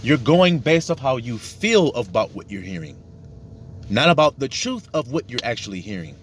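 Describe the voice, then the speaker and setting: A man's voice: medium pitch, big pitch swings, normal speed, a little hiss or hum. A man giving a casual, profane sermon, acting out little dialogues to make his points. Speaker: religious teacher.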